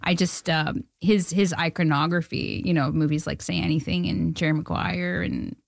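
A woman in her thirties from Canada, telling stories as an interview guest in an animated way, with frequent laughs and fillers. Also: sits low, moderate pace, vocal fry, no room sound, clean studio sound. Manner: animated storyteller, laughs often, many fillers. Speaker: filmmaker guest. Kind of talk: casual interview chat.

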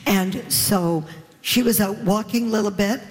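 Canadian woman panelist, animated storyteller, voice carries in a reverberant hall. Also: medium pitch, measured pace. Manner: animated storyteller, laughs while talking. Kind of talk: casual panel talk.

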